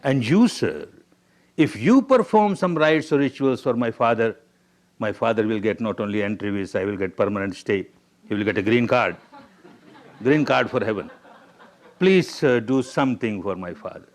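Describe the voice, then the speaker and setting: A grieving young man pleads and flatters in a told parable, voiced by a man. He speaks with an Indian English accent. The voice is an everyday one. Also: medium pitch, normal speed, lightly acted. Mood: pleading. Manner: begging, flattering.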